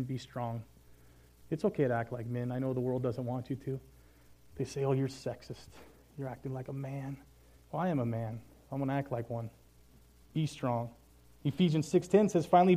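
Earnest casual man preaching, dark voice. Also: medium pitch. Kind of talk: sermon.

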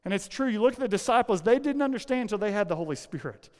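A male pastor preaches with a notably high voice. He talks in a casual, joking tone and drops low and quiet to stress a point. His words ring out with long reverb, as in a large hall. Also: lively intonation, very fast. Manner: conversational, humorous asides, drops low and soft for emphasis. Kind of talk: sermon.

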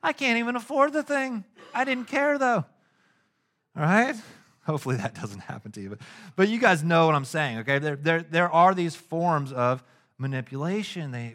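A middle-aged man preaching a casual, conversational sermon, animated and slangy, acting out little stories as he goes. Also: fairly high pitch, moderate pace. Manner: animated and casual, with slangy asides and acted-out anecdotes. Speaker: pastor.

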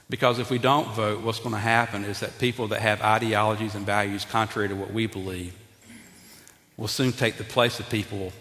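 A man preaching a sermon, talking directly to his congregation and acting out Bible figures in an animated way. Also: lowish voice. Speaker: pastor. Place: church sanctuary. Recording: long reverb in a large hall.

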